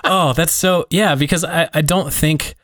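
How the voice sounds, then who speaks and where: A man's voice: on the high side, unhurried, fairly bright tone, dry recording, studio quality. A man co-hosting a podcast, talking in a reflective, rambling way full of fillers. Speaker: podcast co-host. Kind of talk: casual conversation.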